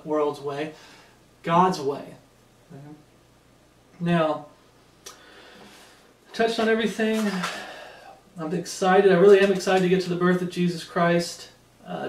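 A man giving an emphatic sermon-style Bible teaching, often checking in with "okay?". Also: on the high side. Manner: emphatic, repeatedly asking "Okay?". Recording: echoey room, mic set far off.

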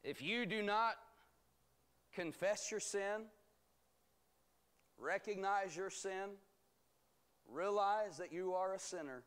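A man teaching a bible study as pastor, reading scripture aloud and explaining it in a measured, emphatic way. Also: sits high, fairly bright tone, clear, resonant tone. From United States.

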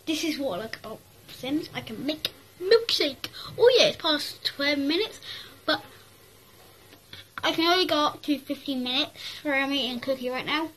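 A woman giving casual gameplay commentary, rambling and excitable, talking to herself as she plays. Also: high voice, moderate pace, slight background noise, low-quality recording. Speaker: gaming YouTuber.

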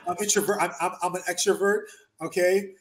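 Higher-pitched emphatic male interview guest. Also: a little fast. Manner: emphatic, animated storytelling with repeated phrases. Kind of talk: casual interview talk.

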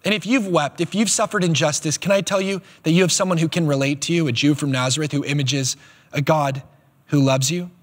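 A man preaching a sermon as pastor, animated and emphatic, with quick asides. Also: a little high. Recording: long hall reverb.

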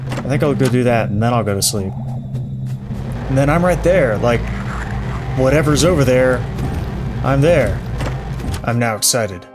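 A young man giving casual, profane gameplay commentary, thinking out loud and jumping when startled. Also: medium pitch, lively intonation, a little slow, long pauses. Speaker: let's play commentator. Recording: game music over voice.

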